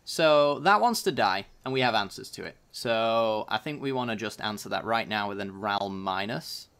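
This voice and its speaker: A man's voice: fairly low pitch, animated, moderate pace, fairly bright tone, clean tone. A man casually commenting on his own card game as he plays, thinking aloud about each move. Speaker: gaming channel host.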